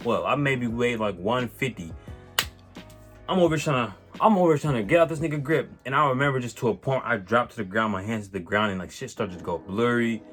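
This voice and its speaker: A man telling a personal story on his vlog in a casual, animated way, swearing and using lots of slang, with many restarts. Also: medium pitch, brisk. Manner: animated, profane, slang-heavy, rambling with restarts. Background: faint music.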